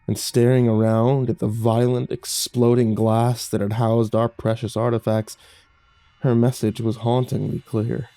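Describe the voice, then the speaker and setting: A man narrating a horror story in a slow, dramatic, hushed storytelling manner, as a dry studio voice-over. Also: fairly low pitch, dry recording.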